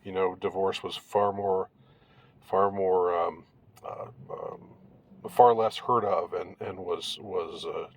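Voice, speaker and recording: Low-voiced man giving rambling wry commentary. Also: steady tone. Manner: rambling, halting, many restarts. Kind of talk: casual commentary on an article.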